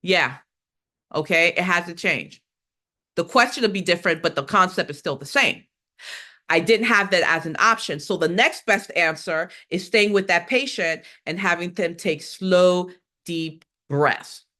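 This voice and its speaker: A woman nursing instructor leading a live exam-review lesson, lively and emphatic, asking questions and answering them herself. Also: on the low side, a little slow. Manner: lively, asks and answers her own questions.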